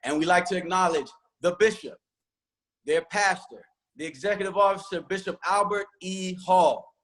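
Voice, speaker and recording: High-voiced man giving emotional thanks. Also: normal speed, fairly bright tone. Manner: emotional, rambling acknowledgements. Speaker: choir director. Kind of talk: virtual panel thanks.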